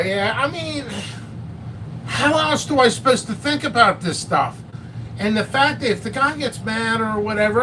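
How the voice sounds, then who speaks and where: A man's voice: high voice, distant mic, background noise. A man hosting a casual live stream about peppers and hot sauce, rambling and joking at his own expense. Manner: rambling, joking, self-mocking.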